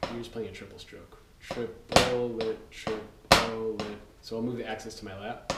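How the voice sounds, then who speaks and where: A man's voice: lowish voice, fast talker. A man talking casually as a drum teacher, explaining rudiments in a loose way with fillers. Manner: relaxed, loose, with fillers and counting aloud. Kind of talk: casual instructional talk. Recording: roomy, distant mic, loud noise.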